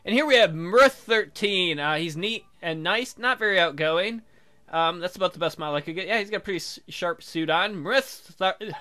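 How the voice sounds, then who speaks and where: A man's voice: high-pitched, lively intonation, normal speed, sharp tone. A man giving casual gameplay commentary as a let's player, joking and rambling, swearing freely. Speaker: video game let's player.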